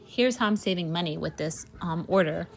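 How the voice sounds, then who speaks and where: Chatty woman with a lowish voice. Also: fairly quick, vocal fry, slight background noise. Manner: chatty, rambling, heavy use of "like" and "you know". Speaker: candle maker and small business owner. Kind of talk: casual storytelling vlog.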